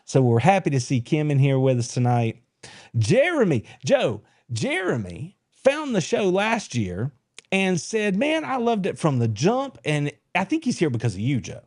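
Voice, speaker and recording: A man's voice: on the high side, big pitch swings, normal speed, darkish tone. A man hosting a live sports podcast, talking in a folksy, teasing way. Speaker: podcast host. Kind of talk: casual live show chat.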